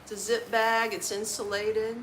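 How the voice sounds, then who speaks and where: A woman with a highish, slightly bright voice and level tone talks at normal speed on a casual live stream from her Orlando, Florida apartment. She's tired, eating as she talks, laughing often and using folksy slang, and the rough recording has slight background noise.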